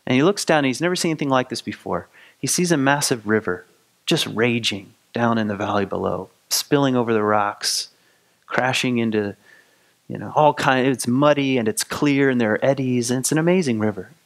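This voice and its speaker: A man, a spiritual teacher, telling a story in a casual, halting way with frequent restarts. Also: medium pitch. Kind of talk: storytelling talk.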